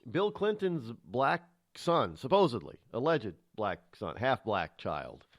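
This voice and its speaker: A man's voice: mid-range voice, sing-song, takes it slowly, dry recording, clean studio sound. A man hosting a call-in radio talk show, rambling and self-promoting as he digresses.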